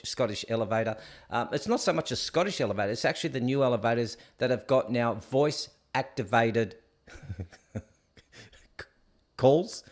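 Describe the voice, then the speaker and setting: A man hosting a casual online show, laughing and chatting as he reacts to clips. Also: medium pitch. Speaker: show host.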